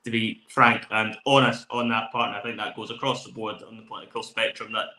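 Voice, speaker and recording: A man co-hosting a podcast, giving firm opinions through frequent fillers. His voice is bright and forceful. It rings around an echoey room. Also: on the low side, little pitch movement, fast. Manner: opinionated, hesitant with many fillers. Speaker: podcast co-host. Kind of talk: casual podcast chat.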